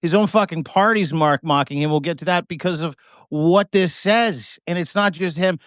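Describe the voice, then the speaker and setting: A man hosting a political chat in a slightly high voice. He swears and mocks as he goes, and the sound is dry and close. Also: moderate pace, fairly bright tone, no room sound. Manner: profane, mocking, reads posts aloud. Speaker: show host.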